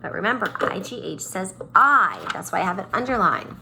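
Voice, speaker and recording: A woman's voice: medium pitch, expressive, brisk, creaky, pushed and bright. A woman teacher giving a phonics lesson to young children. She has a sing-song way of talking, stretching and stressing each sound.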